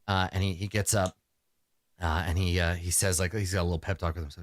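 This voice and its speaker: A man narrating as game master in a rambling, animated storytelling way, full of fillers and restarts. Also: deep voice, fast, no room sound.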